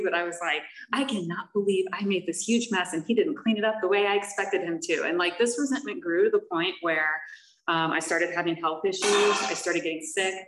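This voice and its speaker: A woman telling her recovery story as a personal testimony, candid and halting, with many fillers and wry laughs. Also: on the low side, a bit bright. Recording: echoey room, voice from a distance.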